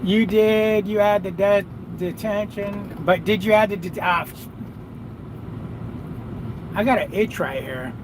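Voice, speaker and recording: A man's voice: high-pitched, unhurried, pauses often, background noise. A man who drives trucks, chatting and cursing freely with viewers on a live stream from his cab. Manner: profane, rambling, talks to viewers and his dog. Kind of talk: casual live chat.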